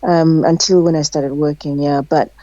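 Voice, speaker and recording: A young adult woman from Zimbabwe, a podcast guest speaking in a measured, calm way. Her voice is low and mellow, and the recording sounds dry and dull. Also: no echo. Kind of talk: casual podcast chat.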